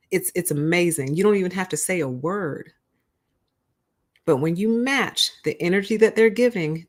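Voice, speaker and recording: A young adult woman hosting a casual livestream, talking bluntly and candidly, laughing often and acting out what she said to others. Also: lowish voice. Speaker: livestream host.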